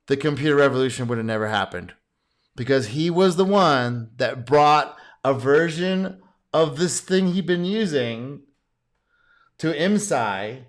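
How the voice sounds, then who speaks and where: Chatty man commenting on old clips. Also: fairly high pitch. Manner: chatty, laughing asides, self-correcting. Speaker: programming course host. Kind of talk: casual commentary over archive clips.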